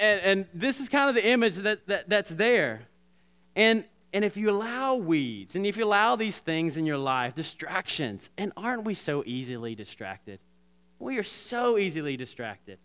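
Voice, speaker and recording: A man preaching a sermon, talking straight to the congregation with lots of restarts and animated asides. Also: a little high, clear, resonant tone. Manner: animated, repetitive restarts, addresses congregation directly. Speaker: pastor.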